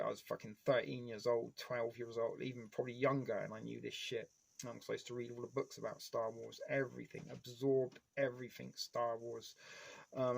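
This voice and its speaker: A man's voice: medium pitch, gravelly. A man in his forties streaming live, rambling casually with heavy swearing and nostalgic fan enthusiasm.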